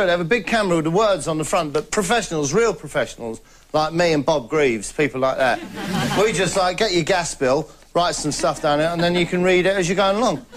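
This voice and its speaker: A man hosting a comedy show, delivering a rambling, chatty monologue to camera and laughing between jokes. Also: a little high. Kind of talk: deadpan stand-up monologue to camera. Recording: clear background noise.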